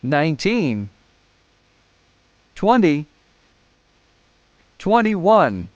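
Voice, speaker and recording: A man giving outdoor snake-education commentary, with frequent excited exclamations and slow, careful explanations. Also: on the high side, no echo, lo-fi sound. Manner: excited exclamations, counting aloud.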